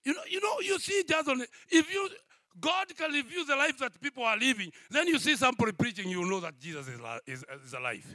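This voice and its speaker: A man, a pastor, preaching a sermon that moves from quiet storytelling to shouted exhortation, repeating phrases and calling out to his congregation. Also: extremely high pitch, sing-song, brisk, dry recording, clean studio sound. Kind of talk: preaching a sermon with a personal testimony.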